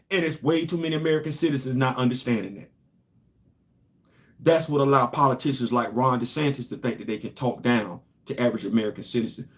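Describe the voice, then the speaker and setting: A middle-aged man from New York hosting a casual opinion show, talking emphatically and swinging between loud points and low asides. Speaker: host.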